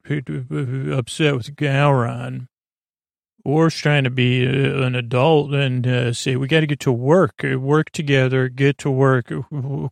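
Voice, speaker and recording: A man hosting a sleep podcast, loosely retelling a TV episode in a halting, offhand way full of filler words. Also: mid-range voice, gravelly, no room sound, studio quality. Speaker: podcast host. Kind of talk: rambling episode recap for sleep.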